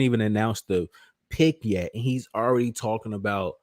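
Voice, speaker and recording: Hyped up guy reacting to clips, lowish voice, dry sound, keeps saying bro and this is wild. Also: moderate pace, no room sound. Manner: excitable, repeats himself, slangy. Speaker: fan channel host. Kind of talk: casual reaction commentary.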